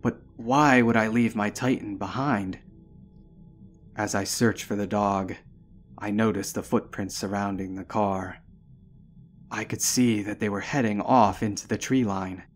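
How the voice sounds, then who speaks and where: Slow, low-voiced man narrating horror. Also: fairly even intonation. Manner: slow, measured, somber storytelling. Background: faint background music.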